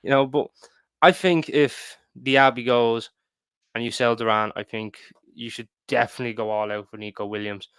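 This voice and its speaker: A man's voice: mid-range voice, steady tone, normal speed, fairly bright tone, clean tone, no echo. A man with an Irish accent chatting casually as a podcast co-host, sprinkling in lots of "you know". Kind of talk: casual chat.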